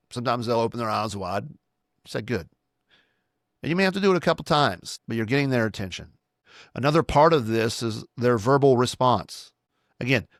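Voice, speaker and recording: A man's voice: medium pitch, no room sound, clean studio sound. Plain-spoken male pastor teaching. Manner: instructive, plain-spoken, repeats key points. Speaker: pastor and podcast host. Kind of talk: solo podcast teaching.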